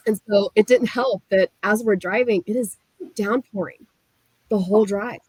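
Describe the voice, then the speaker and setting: Midwest woman, young, chatty and animated, says like a lot, dead dry mic. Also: mid-range voice, normal speed, breathy edge, no echo, rough recording. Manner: animated, frequent "like" fillers, laughs while telling. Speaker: guest. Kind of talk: casual storytelling.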